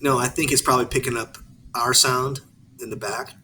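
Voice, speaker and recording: A man's voice: mid-range voice, steady tone, brisk, pushed and bright. A man in casual podcast banter, teasing and laughing easily. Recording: background noise.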